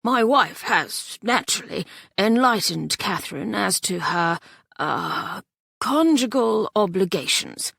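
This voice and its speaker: A woman's voice: medium pitch, expressive, slow pace, gravelly, fairly bright tone, breathy edge, no room sound, clean studio sound, heavily acted. A woman voicing a pompous, mercenary wealthy father who talks in a blustering, confidential way.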